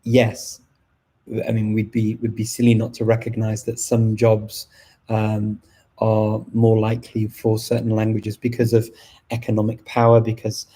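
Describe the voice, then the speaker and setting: A middle-aged man from Liverpool with a softened northern English accent, talking casually and thoughtfully to viewers in a live stream, with frequent restarts. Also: on the low side, monotone, measured pace, breathy edge, poor audio. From Liverpool, England. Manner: thoughtful, many restarts and fillers. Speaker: language channel host.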